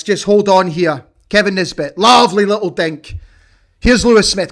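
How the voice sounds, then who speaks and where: High-voiced man calling a match live. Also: normal speed. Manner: excitable, shouts and cheers at big moments. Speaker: football watch-along host. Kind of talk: live match commentary and chat.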